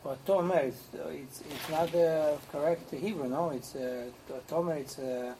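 A man in a class, hesitantly asking a question with soft, halting speech. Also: fairly high pitch, steady tone, slight background noise, rough recording. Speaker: student in class.

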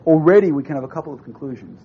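A man's voice: a little high, rapid-fire, slightly rough. A man teaching a religious class, telling a story and acting out its dialogue, often asking the listeners questions. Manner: animated, acts out dialogue with rising and falling voice; asks the audience questions. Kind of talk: lecture with storytelling. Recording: dull lo-fi recording with faint noise.

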